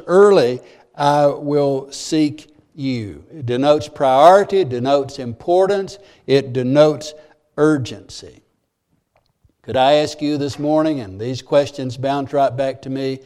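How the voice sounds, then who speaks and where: A man's voice: a little high, mellow. A man preaching a sermon in church, earnest and repeating key phrases for emphasis. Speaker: pastor.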